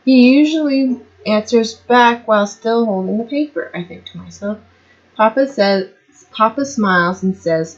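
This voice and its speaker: A woman's voice: on the high side, moderate pace, dull audio. Woman reading her story aloud, stumbling. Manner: stumbles and restarts often, comments on her own slips. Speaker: amateur storyteller.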